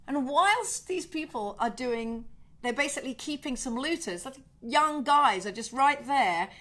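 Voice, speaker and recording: Animated, sweary woman host. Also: a little high. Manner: indignant, sweary, animated storytelling. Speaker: singer-songwriter hosting a home livestream. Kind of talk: casual chat to viewers. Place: at home.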